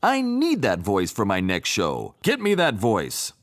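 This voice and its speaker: A man voicing a huge, pushy male show boss, loud, eager and demanding. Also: on the low side, huge pitch swings, unhurried.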